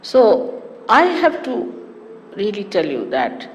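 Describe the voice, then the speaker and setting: A woman giving a spiritual talk to followers, animated and teasing with amused asides. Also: mid-range voice, takes it slowly. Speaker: spiritual teacher. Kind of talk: sermon-style spiritual talk. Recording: echoey hall with faint hiss, archive 1989 tape.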